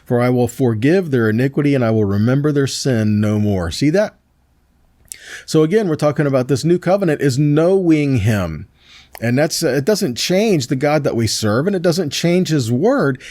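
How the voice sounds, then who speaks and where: During a Messianic Torah teaching, a male pastor reads Bible verses and then explains them in a relaxed, conversational style, with fillers and restarts, asking listeners "right?" and "see that?". His middle-pitched voice sounds dry and close, with no room echo.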